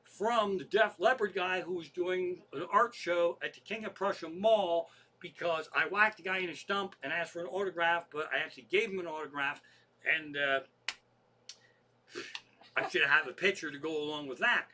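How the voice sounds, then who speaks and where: A comedian telling rambling, profane anecdotes in a casual monologue. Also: male voice, high voice, moderate pace, bright, forceful tone. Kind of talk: storytelling podcast monologue.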